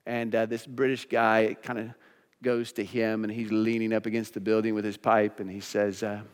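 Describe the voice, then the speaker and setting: A male pastor preaching a sermon, pleading and emphatic, dropping at times to a quiet, intimate tone. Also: lowish voice, flat delivery, normal speed, smooth. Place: church sanctuary. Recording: long church reverb.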